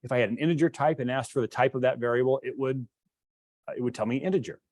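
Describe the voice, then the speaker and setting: A male instructor lectures to a class, talking through his code as he demonstrates it and restarting phrases as he thinks. His voice sits at a middle pitch. The sound is dry and close, with no room echo. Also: fast talker, darkish tone.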